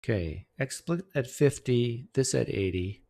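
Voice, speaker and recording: Man, livestream host, sarcastic, casual chat, desk mic, middle pitch. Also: animated, a little slow, creaky, mellow. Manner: sarcastic, joking while fixing mic settings. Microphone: desktop streaming mic.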